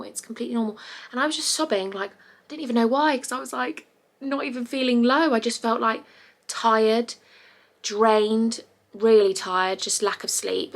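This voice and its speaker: Young woman, a little high, candid home vlog, emotional rambling delivery. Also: fairly bright tone. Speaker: vlogger. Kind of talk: casual confessional vlog. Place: bedroom at home.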